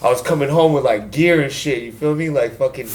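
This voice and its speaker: A man's voice: mid-range voice, fairly quick. A man from San Francisco telling loose, profane stories in casual chat, acting out the people he quotes.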